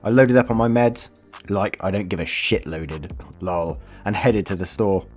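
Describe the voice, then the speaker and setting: This channel host reads viewer stories aloud in a deep, darkish voice at a normal speed, with faint music in the background. He keeps it casual and chatty, adding commentary, laughing often and swearing freely.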